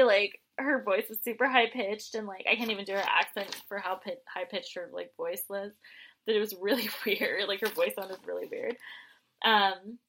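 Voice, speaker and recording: A woman's voice: mid-range voice, fairly even intonation, normal speed, a bit bright, low-quality recording. A woman chatting casually as co-host, recapping and mocking a reality show, acting out quotes with sarcasm. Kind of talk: casual chat.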